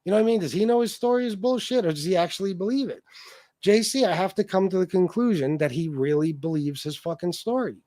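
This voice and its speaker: A man's voice: high voice, animated, fast talker, warm tone, no room sound, studio quality. A man hosting a livestream, ranting in heated, profane, repetitive commentary. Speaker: livestream host.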